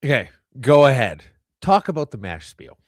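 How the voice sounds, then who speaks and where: A man co-hosting a podcast, telling wry jokes in a dry, unhurried way. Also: medium pitch, sing-song, no room sound. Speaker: podcast co-host. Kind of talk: deadpan comic monologue and banter.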